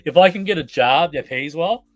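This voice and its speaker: A man's voice: a little high, lively intonation, moderate pace, no room sound, faint music behind. A man from Newfoundland chatting as a guest on a live stream, easygoing and chuckly, with lots of filler words. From Newfoundland, Canada. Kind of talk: casual live chat.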